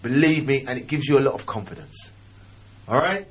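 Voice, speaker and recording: A man's voice: mid-range voice, expressive, a little fast. A man talking as a guest on a radio talk show, earnest and encouraging, often stumbling over repeated words. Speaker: radio guest, maths teacher. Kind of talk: casual radio chat.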